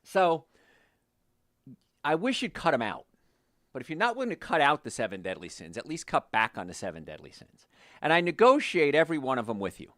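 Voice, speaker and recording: Male health host, animated storyteller, lively pitch, dry close sound. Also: brisk, no room sound. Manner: animated, storytelling, quotes patients in lowered voice. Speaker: health show host, doctor. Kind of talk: casual health talk to listeners.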